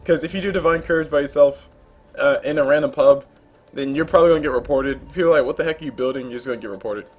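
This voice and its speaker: A man's voice: on the high side, very fast. A young man casually commentating a game replay, rambling into jokey asides along the way.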